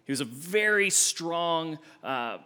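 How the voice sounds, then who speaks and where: A young adult man, an associate minister, preaching a sermon with expressive swings from emphatic to hushed. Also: on the high side, slow pace, smooth.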